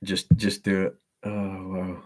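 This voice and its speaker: A man with a very low voice hosts a casual live stream and answers questions from the chat. He talks in a chatty, self-deprecating way and breaks into laughter often. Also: monotone, slow pace.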